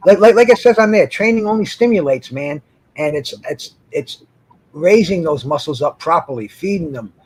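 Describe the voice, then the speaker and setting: A man's voice: fairly high pitch, lively intonation, moderate pace, darkish tone, breathy edge, rough recording. A man speaking as a panelist in a casual group chat over a video call, who often repeats words and restarts his sentences. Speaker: guest panelist.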